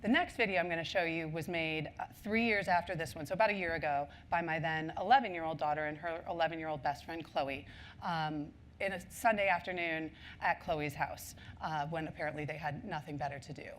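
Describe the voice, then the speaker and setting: Woman on stage doing a marketing talk, lower voice, lots of ums, storytelling vibe, a little noise behind. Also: fairly quick. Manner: chatty storyteller with many ums and asides. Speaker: conference speaker on marketing. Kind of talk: conference talk.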